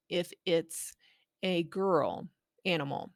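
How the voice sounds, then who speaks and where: A woman's voice: medium pitch, animated, unhurried, a bit bright, no room sound, clean studio sound. A woman giving patient, explanatory tips to parents on reading a bilingual picture book aloud to their children. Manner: patient, explaining, models read-aloud phrases. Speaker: children's language book presenter.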